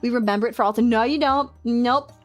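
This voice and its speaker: A young woman streamer chatting casually with her viewers, ranting in an animated, exaggerated way. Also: fairly high pitch, fast talker. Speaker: VTuber streamer. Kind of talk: casual chat with live chat.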